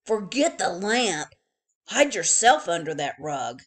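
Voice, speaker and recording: A woman voicing a teasing older brother bunny in a loud, joking way. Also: fairly low pitch, big pitch swings, slow, full character voice.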